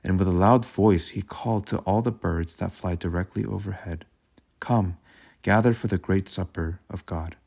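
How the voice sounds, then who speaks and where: Deep gravelly man reading scripture. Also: moderate pace, darkish tone. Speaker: devotional reader.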